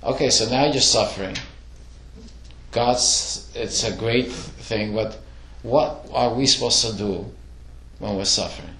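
A man's voice: medium pitch, unhurried, bright, forceful tone, roomy sound. A man leading a casual religious study class, asking the group questions as he explains. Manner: questioning, conversational, asks the class. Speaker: class teacher.

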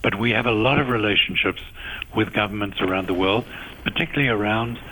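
A man with a South African accent, a guest on a radio interview, answering in a measured, explanatory way and laying out his points one by one. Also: fairly low pitch, sharp tone, slight background noise, rough recording. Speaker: guest, agency official.

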